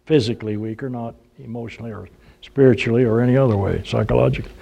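A man's voice: mid-range voice, fairly even intonation, fast, gravelly, dark tone. An older man preaching a sermon, telling folksy humorous stories and acting out the voices he quotes.

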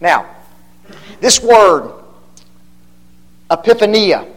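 A man's voice: high-pitched, very animated, extremely slow, fairly bright tone. A man teaching a Bible study, quizzing his listeners with rhetorical questions and a constant "okay?", and stretching key words for emphasis.

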